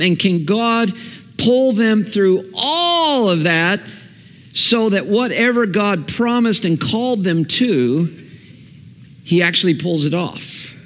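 A man preaching a sermon as pastor, lively and emphatic, repeating key phrases as he builds. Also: sits high. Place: church hall. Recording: long hall reverb.

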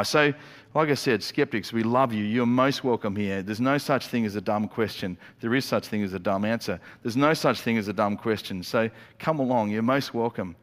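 A man preaching a sermon as a pastor, telling the story in a lively way with quick acted-out asides. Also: lowish voice. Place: church auditorium. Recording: long reverb of a church hall.

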